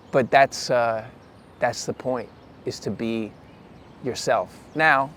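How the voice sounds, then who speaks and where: Chatty young man with faint background noise. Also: medium pitch. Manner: chatty, rambling, self-correcting; puts on voices when quoting people. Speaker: vlogger. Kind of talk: casual storytelling to camera.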